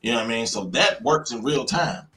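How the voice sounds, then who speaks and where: A man's voice: mid-range voice, lively intonation, brisk, pushed and bright. A man in a casual panel talk, blunt and emphatic, repeating points for weight.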